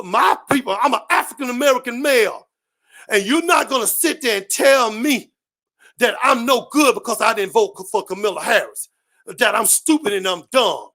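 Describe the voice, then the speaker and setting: A man's voice: extremely high pitch, expressive, moderate pace. A man speaking as a guest on a live-stream panel, delivering an impassioned, profane political rant full of repetition and swearing. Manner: shouting, preachy, repetitive, heavy swearing.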